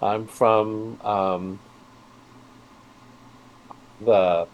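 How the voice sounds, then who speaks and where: Slow, hesitant man player. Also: lowish voice, fairly even intonation, highs cut off. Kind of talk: tabletop game play.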